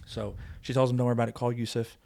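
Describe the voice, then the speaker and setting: A man's voice: mid-range voice, level tone, creaky, dark tone. A man, a former police officer, telling his story as a guest on a podcast, emphatic and acting out what others said. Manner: fast, emphatic retelling, acting out quoted voices. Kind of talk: conversational storytelling. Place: podcast studio.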